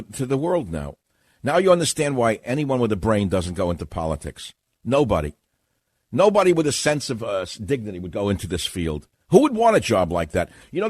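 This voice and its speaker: A man's voice: medium pitch, no echo. A man hosting a radio talk show, ranting sardonically in a monologue.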